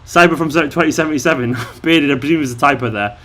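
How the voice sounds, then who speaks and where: A man's voice: fairly high pitch, quick pace, fairly bright tone. Jokey Mancunian man on a live stream. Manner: jokey, reads viewer comments aloud. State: a little drunk. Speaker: fan channel host. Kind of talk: casual live stream chat.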